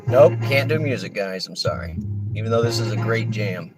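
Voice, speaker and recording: Guy talking to his stream from the car, low voice, really swings up and down, road noise behind. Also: lively intonation, normal speed, over loud music. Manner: chatty, talking to viewers while driving. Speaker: rideshare driver streaming. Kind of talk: casual live-stream chat. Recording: noisy car interior.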